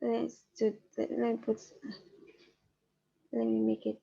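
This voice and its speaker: A woman teaching a language class over a video call, explaining patiently and slowing down to repeat key phrases. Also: fairly high pitch, flat delivery, gravelly. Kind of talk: online class lecture. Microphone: computer mic on a video call. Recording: muffled video-call audio.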